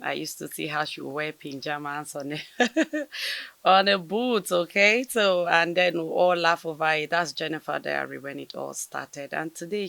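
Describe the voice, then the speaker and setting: A woman with a Nigerian English accent talks in an interview with lively emphasis. Her lowish voice has a gravelly fry and a bright, forward edge. The recording is close and dry. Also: dry recording. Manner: expressive, emphatic, laughs often. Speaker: actress interviewee. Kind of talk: conversational interview.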